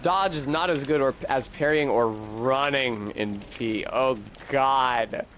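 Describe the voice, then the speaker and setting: A man's voice: mid-range voice, slow, fairly bright tone, a little hiss or hum. A man streaming a video game, giving casual, profane commentary, talking back to the game and to his chat.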